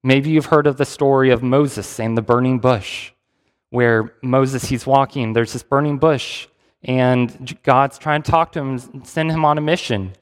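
A man's voice: medium pitch, steady tone, a little slow, clear, resonant tone, long reverb tail. A man preaching a sermon, reading scripture and retelling it in a conversational way with restarts.

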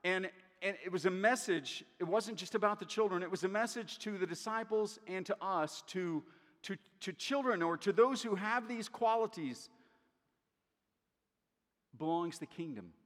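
A middle-aged man delivers a sermon in an earnest, conversational way, circling back on his words as he thinks aloud. His voice sits slightly high for a man. The sound carries a long reverb from a large church hall. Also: moderate pace, a bit bright. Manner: earnest, conversational preaching with frequent restarts. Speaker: pastor.

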